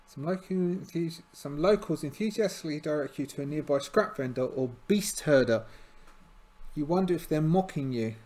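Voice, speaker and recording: A man's voice: fairly high pitch, moderate pace, a little mellow. A tired man narrating a solo tabletop game, hesitant and full of fillers and restarts.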